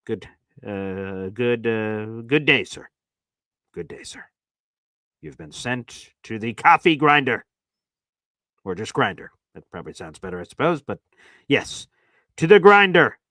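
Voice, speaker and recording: A man's voice: medium pitch, pushed and bright, dry recording, clean studio sound. A man hosting a casual sports livestream, hyped up and calling his viewers "baby" as he reads off gifts. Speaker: livestream host.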